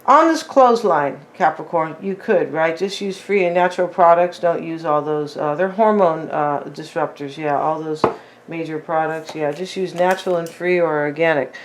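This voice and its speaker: A woman's voice: deep voice, moderate pace, a little hiss or hum, poor audio. A woman giving a casual tarot reading in a rambling, chatty way with many fillers and asides. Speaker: tarot reader.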